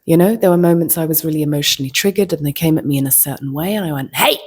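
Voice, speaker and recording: A woman vlogger telling a personal story in a reflective, casual way, slipping into soft whispers. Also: deep voice, very fast, breathy edge.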